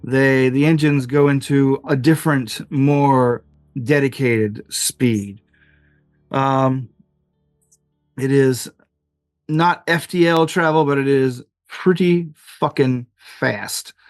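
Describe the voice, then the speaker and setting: A man's voice: medium pitch, fairly even intonation, takes it slowly, no room sound, soft background music. A man running a tabletop game as game master, narrating in a rambling way with many ums and uhs.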